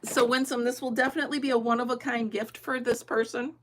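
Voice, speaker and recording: Chatty middle-aged woman, fairly high voice, casual crafting livestream host who laughs a lot. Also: fairly even intonation, fast, slight background noise. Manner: chatty, laughing often, thinking aloud. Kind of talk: casual chat while crafting.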